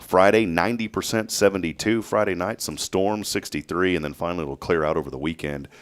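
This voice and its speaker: A man's voice: deep voice, fairly quick. A man with a Texan accent hosting a casual morning radio show, folksy and joking with his guests.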